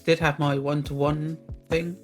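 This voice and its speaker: A man's voice: fairly high pitch, flat delivery, unhurried, soft background music. A young man co-hosting a casual podcast, rambling with fillers about his work. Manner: rambling, lots of fillers, quotes people. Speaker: podcast co-host. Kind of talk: casual chat.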